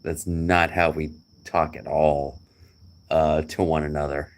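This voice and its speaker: Very deep slow-talking man, rambling. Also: little pitch movement. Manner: rambling, joking, chuckling. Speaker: vlogger. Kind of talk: casual chat to a friend.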